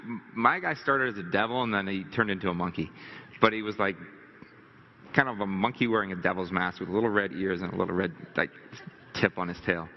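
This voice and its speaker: A man telling a candid, rambling, self-deprecating story to a live audience as a motivational speaker. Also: lowish voice. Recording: dull lo-fi recording in a reverberant hall.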